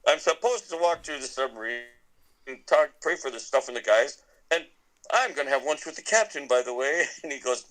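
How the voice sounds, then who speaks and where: A middle-aged man appears as a podcast guest, casually telling a long personal story that rambles, restarts often, and breaks into laughter. His voice is medium-pitched, animated, a little fast, and a bit bright, and the audio quality is poor.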